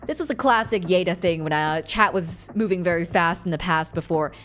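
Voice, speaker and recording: A woman's voice: fairly low pitch, a little fast, faint music behind. A young woman streaming live, casually chatting with her viewers, reading their messages aloud and laughing often. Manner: animated, laughs often, reads chat aloud.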